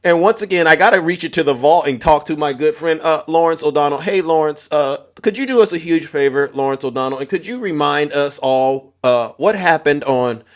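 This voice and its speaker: A man's voice: a little high, fairly quick, few pauses. A man hosting a political livestream, ranting combatively and speaking straight to his viewers. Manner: combative, repetitive, addresses audience directly. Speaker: livestream host. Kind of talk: heated political livestream rant.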